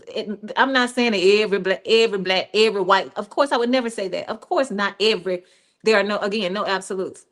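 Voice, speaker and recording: A woman pastor giving a conversational, animated sermon with chatty asides. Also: medium pitch.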